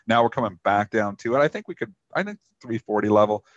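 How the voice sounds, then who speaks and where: A man's voice: fairly low pitch, lively intonation, quick pace, no echo, highs cut off. A man co-hosting a live trading talk show, talking markets casually and teasing his co-host. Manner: joking, teasing, laughs often.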